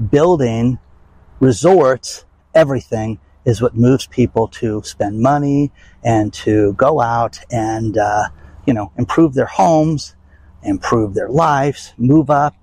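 Husky, blunt older man. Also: mid-range voice, darkish tone, no room sound, poor audio. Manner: blunt, emphatic, rambling. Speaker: vlog host. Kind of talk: casual rant to camera.

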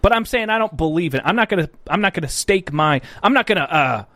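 Animated, profane male livestream commentator. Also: high-pitched, quick pace, no echo. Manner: blunt, profane and rambling, with frequent self-corrections. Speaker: political commentary livestream host. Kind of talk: casual commentary reading viewer chat.

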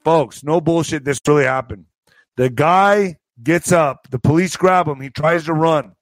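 A man telling a profane story to his video audience, animated and full of spoken sound effects. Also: fairly high pitch, unhurried, no room sound, low-quality recording. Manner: slips into a Spanish-accented put-on for quoted locals. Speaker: vlogger and author telling stories. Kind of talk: casual storytelling to camera.

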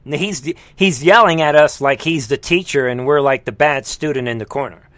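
Male commentary host, scornful and heated, bright tone, dry close sound. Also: a little high, a little fast, no echo. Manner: heated, scornful, mocking asides. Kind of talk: livestream reaction commentary.

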